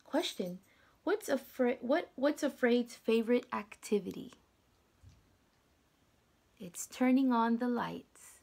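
A young woman teacher reading a picture book aloud to children, gentle and dropping to whispers, asking them questions. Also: a little high, takes it slowly, gravelly, long pauses.

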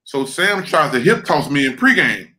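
Man on a video call, bright forceful voice, animated, swears a lot, repeats himself. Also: a little high, normal speed, rough recording. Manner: animated, profane, repeats words. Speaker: guest, former pro football lineman. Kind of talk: casual storytelling interview over video call.

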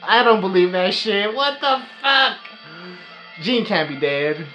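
A woman's voice: mid-range voice, sing-song, measured pace, bright, forceful tone, muffled recording, soft background music. A woman reacting live to an anime episode, with emotional, profane outbursts. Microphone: webcam.

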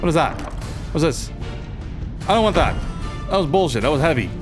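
A man commentating his own gameplay in a casual, profane and excitable way, reacting aloud to the game. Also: fairly high pitch, a little fast, over music. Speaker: gaming video host. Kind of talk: casual let's play commentary.

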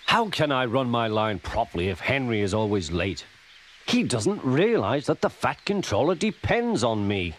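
A man voicing a cheeky, impatient young male tank engine who talks in a bossy, sharp-tongued way. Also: mid-range voice, very animated, moderate pace, slight background noise, natural voice. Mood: grumbling. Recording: loud music behind.

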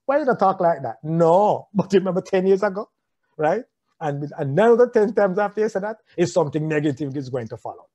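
Husky Jamaican man preaching. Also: high-pitched, animated, brisk, warm tone. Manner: rhetorical questions, repeats phrases, chuckles often. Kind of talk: sermon on marriage.

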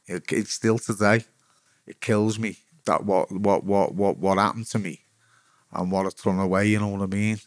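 A Liverpool-born man in his forties with the local accent, once a footballer, candidly tells his story as a guest, rambling and swearing constantly. He speaks at normal speed in a lowish, level voice, with no echo.

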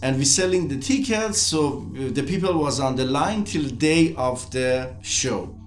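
A man from Iran, giving a documentary interview in halting English full of restarts. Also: mid-range voice, expressive, reverberant, faint music behind. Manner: halting non-native English with frequent restarts. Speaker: interviewee artist.

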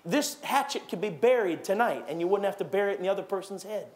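A man preaching a sermon in a church, animated, acting out gossiping churchgoers with raised voices. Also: high-pitched, fast. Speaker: pastor. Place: church sanctuary.

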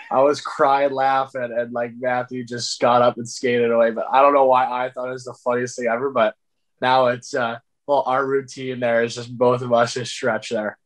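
Young male athlete guest, average pitch, easygoing storyteller who laughs a lot. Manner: laid-back, laughs while telling stories. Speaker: guest hockey player. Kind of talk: casual interview chat.

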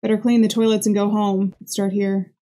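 Playing a horror game for a let's play, this young gaming creator reads the dialogue aloud and cracks jokes between jump scares. She talks fairly quickly in a medium-pitched, flat voice with a dark tone.

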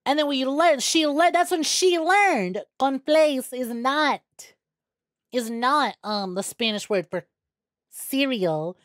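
A young woman streaming a game, chatting casually with viewers, excitable and quick to swear. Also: high-pitched, no echo, studio quality. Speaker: VTuber streamer. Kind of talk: casual gameplay stream chat.

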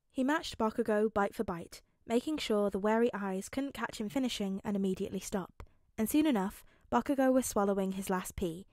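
A woman calmly narrating a fanfic as an audiobook reader. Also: mid-range voice, fairly quick, dry recording, clean studio sound. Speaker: podfic reader.

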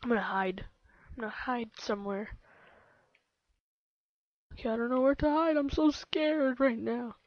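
A woman giving excitable, playful live gameplay commentary, sometimes slipping into baby talk, close to her microphone. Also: on the high side, moderate pace, pauses often. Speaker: let's play gamer. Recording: dull lo-fi home mic.

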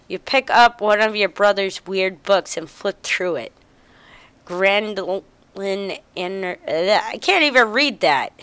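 A woman's voice: mid-range voice, fairly bright tone. A woman playing a video game, reading the game text aloud and chuckling as she goes. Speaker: gamer. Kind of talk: let's play commentary.

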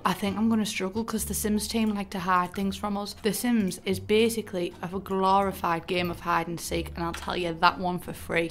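A woman's voice: medium pitch, a bit bright. Chatty Teesside woman gaming. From North East England. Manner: chatty, storytelling, self-mocking, broad local slang. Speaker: gaming YouTuber. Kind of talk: casual gameplay commentary.

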